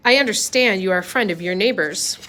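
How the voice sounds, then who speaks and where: A woman reading a story aloud, voicing a loud, harsh German soldier who questions curtly. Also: mid-range voice, brisk, close to an everyday voice.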